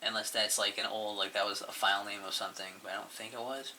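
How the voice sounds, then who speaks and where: A man with a lowish, very bright and cutting voice, rambling casually through commentary on his own channel. He mumbles along and swears offhandedly, in a loose, unscripted way. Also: steady tone, fast talker, a little hiss or hum. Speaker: YouTuber reviewing his channel.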